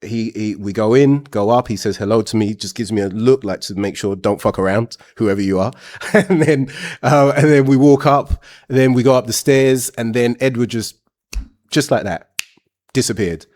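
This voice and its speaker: A man's voice: mid-range voice, normal speed, darkish tone. A man hosting a show, telling a frank personal story in a blunt, rambling, casual way.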